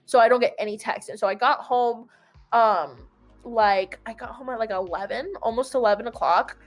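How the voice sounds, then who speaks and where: A woman's voice: a little high, normal speed, soft background music. Chatty young woman, rambling storyteller. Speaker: host. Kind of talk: casual chat.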